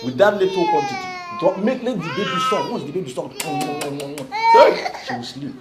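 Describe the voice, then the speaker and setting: A man's voice: high-pitched, moderate pace. An actor playing a meddling, blundering gate man in a comic film, talking Nigerian Pidgin with stammers and slips. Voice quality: animated, slips into Pidgin, stammers over words. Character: meddling male gatekeeper, comically bossy and blundering. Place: indoor room. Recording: echoey room, loud background noise.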